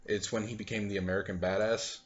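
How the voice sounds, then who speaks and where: A man's voice: on the low side, level tone, fast talker. A man hosting a casual podcast chat. He tells long stories full of details, with fillers along the way. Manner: rambling storyteller, recounting details with fillers. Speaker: podcast host. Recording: muffled lo-fi recording.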